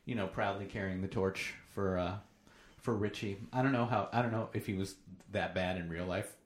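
Low-voiced man chatting in an echoey room. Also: normal speed. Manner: laughing, animated storytelling with acted quotes. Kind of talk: casual podcast chat.

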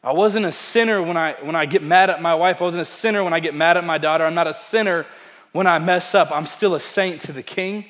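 A young man, a pastor, preaching a sermon with animated storytelling and self-deprecating humor. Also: on the high side, brisk.

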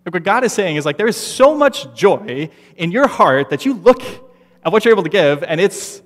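Animated preacher in an echoing hall. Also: male voice, high voice, normal speed. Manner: animated, acts out listeners' doubts in quoted asides. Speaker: pastor. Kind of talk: sermon. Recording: long reverb of a large hall.

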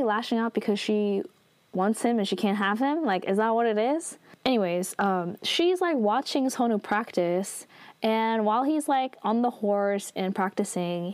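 A woman's voice: fairly high pitch, dry recording. Chatty woman recapping a drama, dry sound. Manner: chatty, many "like" fillers, retells dialogue. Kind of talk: casual episode recap.

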